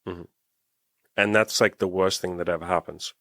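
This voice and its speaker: A man's voice: low voice, steady tone, moderate pace, a bit bright, dry recording, studio quality. A man hosting a casual interview as a dating coach, telling stories animatedly, acting out quotes and swearing casually.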